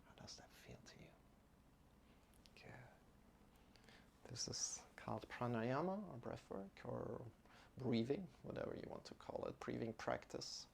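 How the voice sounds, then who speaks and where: A man guiding a yoga class, giving gentle and unhurried instructions with soft asides. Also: mid-range voice, creaky, slight background noise. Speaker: yoga teacher.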